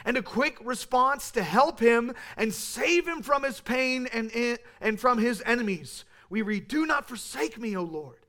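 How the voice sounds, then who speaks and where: A man in his thirties preaching a sermon, earnest, rising to emphatic peaks and falling back to quiet. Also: high voice. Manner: earnest, building to emphatic peaks then dropping soft.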